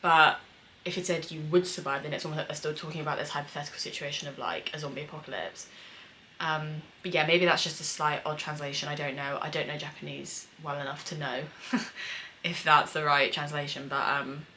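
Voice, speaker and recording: A young woman with a low voice talks through a show in a loose, rambling way, piling on fillers and the odd swear word. A faint hiss sits under her voice. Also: little pitch movement, fairly quick, sharp tone, low-quality recording. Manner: chatty, many fillers, emotional and swearing. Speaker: screenwriter reacting to a series. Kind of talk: casual reaction commentary.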